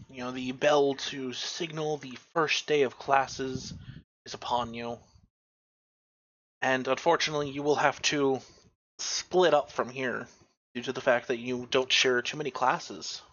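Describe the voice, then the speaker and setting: A man running a tabletop game as game master, narrating in a halting way full of fillers. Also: mid-range voice, steady tone, fairly bright tone. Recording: dull lo-fi mic.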